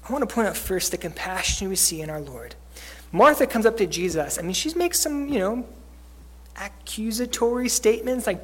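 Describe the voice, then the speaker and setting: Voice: mid-range voice, expressive, fairly quick. A preacher giving a sermon in a conversational way, using many fillers and acting out quoted lines.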